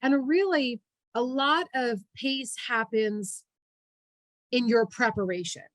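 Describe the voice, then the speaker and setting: A woman with a fairly high voice leads an online public speaking workshop. She coaches with energy and lands hard on her key words. Her voice comes through a video call with a dry, close sound. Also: slow pace, a bit bright, dry recording, rough recording.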